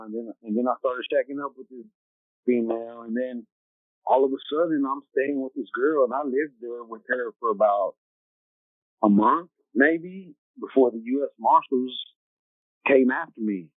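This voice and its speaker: Male interview guest, average pitch, casual streetwise storyteller, thin phone-quality dry audio. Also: normal speed, no echo. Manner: rambling, streetwise, tags lines with "right?" and "you know what I'm saying". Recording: tinny phone-like dry sound.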